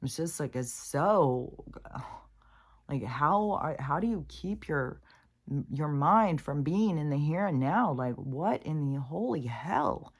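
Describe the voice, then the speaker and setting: A woman's voice: deep voice, animated, slow pace, husky. A woman in a casual, rambling spiritual vlog, talking frankly to her viewers, swearing freely and ranting at times. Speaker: spiritual vlogger.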